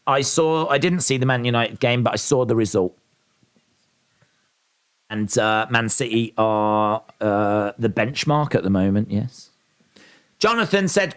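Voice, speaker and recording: A man's voice: mid-range voice, lively intonation, unhurried, pauses often. A man from England with an English accent, hosting a casual wrestling watch-along stream, calling the action and reading viewer comments aloud.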